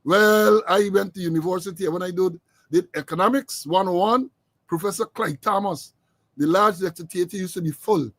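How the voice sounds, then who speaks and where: A man's voice: high voice, normal speed, a bit bright, no echo. A middle-aged Guyanese man hosting a political commentary show, talking with sarcasm and mockery. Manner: sarcastic, mocking. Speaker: host.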